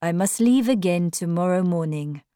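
A woman voicing a charming Frenchman in a storybook reading, speaking softly and in a low key. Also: expressive, moderate pace, smooth, no room sound, clean studio sound, lightly acted. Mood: earnest. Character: charming Frenchman, a gentle lover.

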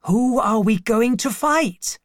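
An excitable young male servant, his voice raised well above the reader's own, bursting with blunt eagerness, as a man puts him on in an audiobook. His words come slowly and deliberately, with a clear, dry sound. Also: very high-pitched, no room sound, voice pushed up, heavily acted. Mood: excited.

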